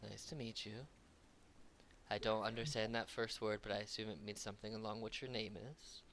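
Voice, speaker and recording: Guy voicing a chill cat boss lady, soft and slow, kinda low voice. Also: little pitch movement. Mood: calm. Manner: quiet and unhurried. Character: calm, cool cat-like female boss.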